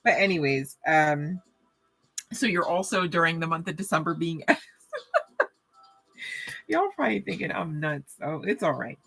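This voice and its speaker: A woman with a low-pitched voice and a bright, forceful edge talks directly to her viewers as she gives a tarot card reading. She keeps it casual and lively, throwing in chatty asides and laughter as she goes. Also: moderate pace, vocal fry, pauses often, breathy edge.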